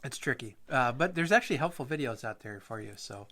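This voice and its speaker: An easygoing male podcast host who talks in a relaxed, chatty way, pausing now and then on small fillers. His voice sits at an ordinary middle pitch for a man. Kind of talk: casual chat and show announcements.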